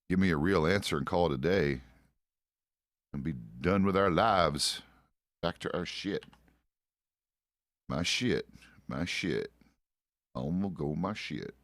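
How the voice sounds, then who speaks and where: A middle-aged man with an American accent and a very deep voice talks in a loose, swearing, easygoing way, laughing between remarks. The sound is dry and close, with no room around it. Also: expressive, measured pace, long pauses, a bit bright, no echo. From United States. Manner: profane, laid-back, chuckles often. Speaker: roleplay streamer. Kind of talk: casual chat while roleplaying a game.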